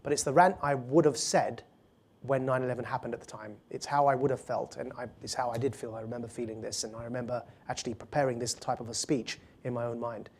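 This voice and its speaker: A man, an author and guest speaker, answering audience questions at a public talk in an earnest, fluent way, with quick restarts. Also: mid-range voice, steady tone, a little mellow, husky.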